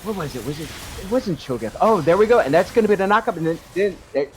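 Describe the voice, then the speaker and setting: A play-by-play caster giving live esports commentary, excitable and self-deprecating, with a lingering cough from being under the weather. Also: mid-range voice, fast, a little hiss or hum.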